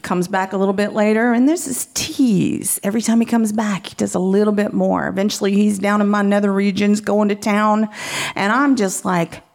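A woman's voice: medium pitch, fairly even intonation, moderate pace, vocal fry, a little mellow. A woman telling a frank personal story, candid and often laughing as she talks.

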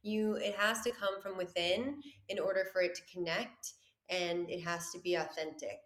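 A woman's voice: fairly low pitch, fairly even intonation, moderate pace, echoey room. A woman guest, a business owner, speaking candidly and earnestly in a casual interview. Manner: candid and earnest, many fillers.

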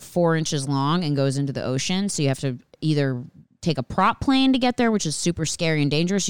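A woman hosting a podcast, telling a rambling, profane travel story in a casual, animated way. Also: sits low, smooth, no echo, studio quality. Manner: animated, swears constantly, anxious rambling. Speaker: podcast host.

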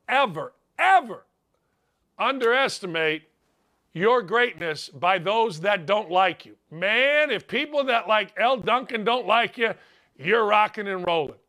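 A man hosting a sports talk show, delivering an opinionated monologue with brash, emphatic outbursts and quieter, earnest stretches. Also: high-pitched. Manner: brash, emphatic, bursts into loud exclamations; turns quiet and earnest on serious subjects.

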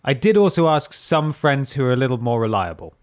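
A man's voice: mid-range voice, sing-song. A man co-hosting a casual comedy podcast, wry and jokey as he tells stories. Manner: wry, quick, jokey storytelling. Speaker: podcast co-host.

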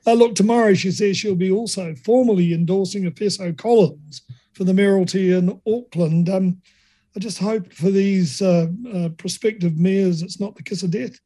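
A man giving a radio political report, chatty and a little halting with fillers. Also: high-pitched, dark tone. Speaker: political correspondent.

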